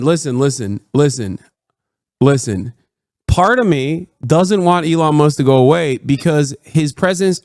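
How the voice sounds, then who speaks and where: A man in his thirties ranting excitedly and profanely while commentating on a live stream. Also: fairly high pitch, no room sound, clean studio sound.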